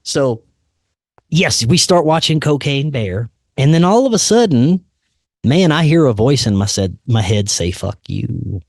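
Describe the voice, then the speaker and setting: A man hosting a podcast, telling a personal story in an animated, slangy way and often saying "man" and "dude". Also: a little high, measured pace, dry recording, studio quality. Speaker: podcast host. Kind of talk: casual storytelling.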